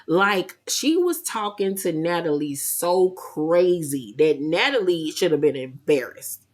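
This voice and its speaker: Woman host, sassy and blunt, low-ish voice, casual show-recap commentary. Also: animated, measured pace, few pauses.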